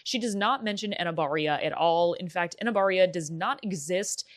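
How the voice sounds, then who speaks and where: A woman's voice: on the low side, moderate pace. A young woman casually talking through a book and film comparison, chatty and candid with frequent fillers and the odd swear. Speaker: book vlogger. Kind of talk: casual vlog commentary.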